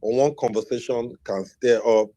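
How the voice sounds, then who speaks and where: A man with a Nigerian Pidgin accent, calmly stepping in to steer a heated live audio chat. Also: medium pitch, moderate pace, no echo. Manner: soothing, mediating, drops into Pidgin.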